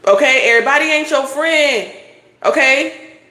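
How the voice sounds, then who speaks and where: A woman's voice: high-pitched, moderate pace, sharp tone, roomy sound. A woman doing a casual tarot reading, talking bluntly with lots of swearing and preachy advice. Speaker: tarot reader.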